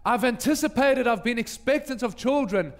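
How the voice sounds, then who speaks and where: A man voicing an anxious childless woman who pleads slowly, afraid to hope again, while retelling a story in a sermon. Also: lively intonation. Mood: pleading. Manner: slow, pleading, raised pitch.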